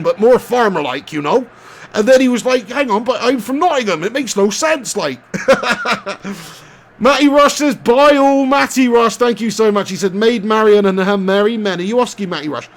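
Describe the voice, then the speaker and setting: A young man talks casually through a live game stream. His voice sits fairly high, and he laughs often as he chats and reads out viewer messages. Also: creaky. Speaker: gaming streamer.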